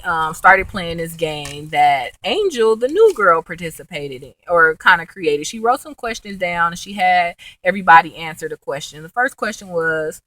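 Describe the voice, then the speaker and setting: A young woman casually recapping a reality show episode, animated and gossipy, with quick asides. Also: deep voice, poor audio. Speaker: vlogger reviewing a reality show.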